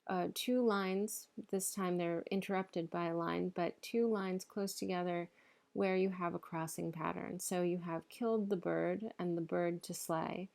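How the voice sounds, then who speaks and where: A woman delivers a recorded literature lecture, walking through slides and reading poetry aloud with a steady beat. Her voice sits low and has a gravelly edge. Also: a little slow. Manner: explanatory, reads verse aloud in rhythm.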